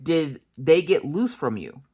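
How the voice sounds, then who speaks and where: A woman's voice: sits low, lively intonation, measured pace, dark tone, breathy edge, heavily acted. A woman voicing a stern female police officer who questions in a curt, official way.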